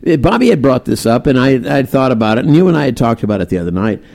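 A man co-hosts a casual chat in a gravelly, dark, mellow voice. He rambles and doubles back on his words, then keeps going in an easy, unhurried way. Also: medium pitch, sing-song.

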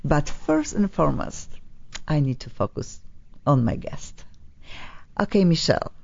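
A woman's voice: low voice, big pitch swings, unhurried, creaky, darkish tone. A woman hosting a radio talk show in a studio, chatting playfully with guests, stretching words for emphasis and sounding a bit sleepy. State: sleepy, low on energy. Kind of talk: casual radio chat. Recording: slightly dull radio broadcast sound.

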